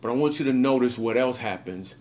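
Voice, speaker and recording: A man's voice: medium pitch, a little fast, darkish tone, a little hiss or hum. A man tells a personal story in a recorded video clip. He keeps it casual and upbeat, with slangy asides, in an ordinary mid-range voice. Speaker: comedian telling a story.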